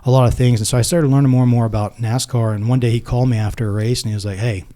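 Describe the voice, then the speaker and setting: Man telling war stories with a dark tone. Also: medium pitch, racing. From United States. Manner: animated, acts out quoted dialogue. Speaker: podcast guest, former Navy SEAL. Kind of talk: casual storytelling.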